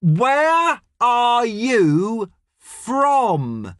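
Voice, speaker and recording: A man voicing a blunt elderly British grandmother who shouts slowly and deliberately in an audiobook. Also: high voice, huge pitch swings, dry recording, pitched above the performer's own voice, full character voice. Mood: loud, slow. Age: older. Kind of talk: audiobook character voice. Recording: dry studio sound.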